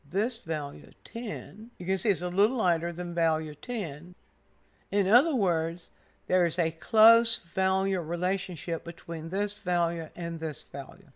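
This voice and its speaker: An older woman art teacher giving a patient, explanatory painting lesson, speaking directly to the viewer. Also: lowish voice.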